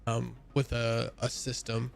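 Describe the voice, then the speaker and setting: A man's voice: mid-range voice, completely flat delivery, unhurried, gravelly, soft background music. A young man streaming a game, chatting casually and rambling with lots of fillers and restarts, sounding a bit tired. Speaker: gaming streamer. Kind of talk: casual chat while playing a game.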